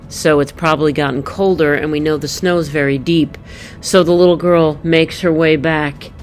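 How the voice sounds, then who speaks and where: Low slow lady talking kids through a picture book, soft music behind her. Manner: gentle, explaining pictures to children, thinks aloud. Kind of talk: picture book read-aloud.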